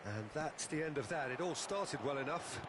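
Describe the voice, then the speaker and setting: A man doing play-by-play football commentary, flowery and dramatic, erupting with excitement at big moments. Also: a little high, moderate pace. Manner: flowery, dramatic, bursts into loud excitement at goals. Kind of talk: sports commentary from a video game. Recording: loud background noise.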